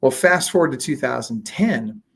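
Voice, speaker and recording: A man being interviewed, telling a story in a casual, animated way, acting out quoted dialogue with lots of fillers. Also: medium pitch, moderate pace, gravelly, slightly rough. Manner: frequent fillers and restarts. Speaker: guest, real estate coach.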